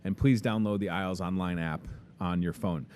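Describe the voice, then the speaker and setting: A man's voice: low voice, steady tone, moderate pace, a little mellow. A young man with a Midwestern American accent hosting a casual store promo, chatty and upbeat with joking sales patter. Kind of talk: casual live promo talk.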